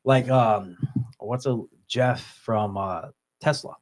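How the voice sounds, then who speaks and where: The podcast host's voice is fairly low and slow as he tells stories in a relaxed chat. Laughing often, he acts out quoted people's voices, drops casual swears and repeats himself.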